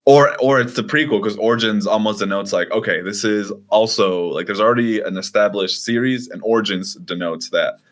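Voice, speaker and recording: A man's voice: lowish voice, brisk, hardly any pauses. A young man co-hosting a podcast, talking in a laid-back, hesitant way and laughing easily. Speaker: podcast co-host. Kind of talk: casual podcast chat.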